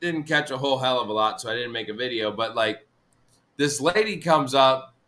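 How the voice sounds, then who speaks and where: A man guest on a fishing stream, telling stories in an animated, swearing way. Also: mid-range voice, moderate pace. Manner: animated, swearing anecdote teller. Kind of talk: casual storytelling chat.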